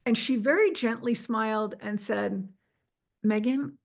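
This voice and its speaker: A woman's voice: on the high side, measured pace, vocal fry. A middle-aged woman telling a personal story in earnest, often restarting and quoting herself. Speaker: interview guest.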